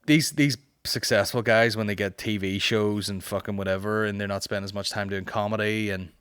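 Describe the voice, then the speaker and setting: A man's voice: lowish voice, steady tone, a bit bright, smooth, no echo. Northern irish guy rambling on his podcast, swears a lot, dry close sound. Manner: rambling, profane, with quick mocking impressions. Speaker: podcast host answering listener questions. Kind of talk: casual chat.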